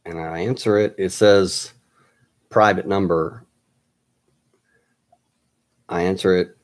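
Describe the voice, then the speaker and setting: A man telling a personal story in a halting way, pausing often with fillers and restarts. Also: deep voice, steady tone, darkish tone.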